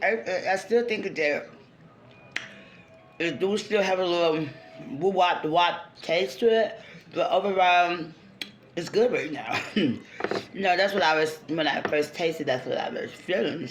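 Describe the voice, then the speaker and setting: Slow, mumbling woman eating on camera. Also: lowish voice. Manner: talks with mouth full between chewing sounds; slow, relaxed, murmured asides. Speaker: mukbang vlogger. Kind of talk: casual talk while eating. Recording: noisy, with clicking sounds.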